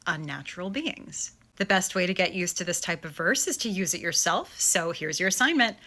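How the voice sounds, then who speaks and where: A woman's voice: fairly low pitch, pushed and bright. A young woman giving a playful video lesson on poetry, chanting rhythms as she explains. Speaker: acting coach.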